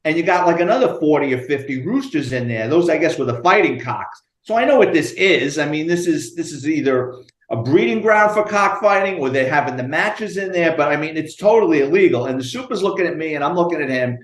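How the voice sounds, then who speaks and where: A retired police detective, telling profane, animated stories in an interview. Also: male voice, on the high side, a little fast, hardly any pauses, reverberant. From United States. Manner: animated, profane storyteller acting out dialogue. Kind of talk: storytelling interview.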